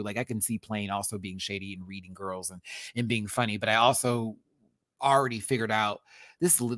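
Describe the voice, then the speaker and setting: Reviewing a drag competition show, this man addresses his livestream audience with camp, sass, lots of slang and plenty of laughter. His medium-pitched voice is fairly bright, captured as a dry, clean studio recording.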